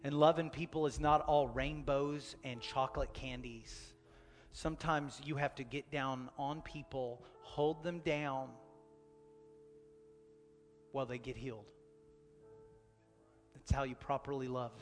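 A man in his thirties preaching a sermon as a pastor, telling a personal story and swinging from loud urgency to a soft, near-whispered hush. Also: medium pitch, steady tone, measured pace, long pauses, in a large hall, soft background music.

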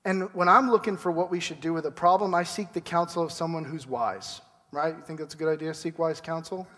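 A man's voice: a little high, a little fast, sharp tone, big-room sound. A man preaching a sermon in a conversational way, acting out quoted people as he goes. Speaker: pastor.

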